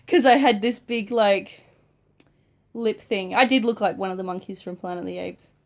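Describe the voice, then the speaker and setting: A young woman who is sick, telling a casual storytime vlog from bed in a soft-spoken, chatty way with many "like" fillers. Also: medium pitch, normal speed. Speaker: vlogger. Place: in bed at home.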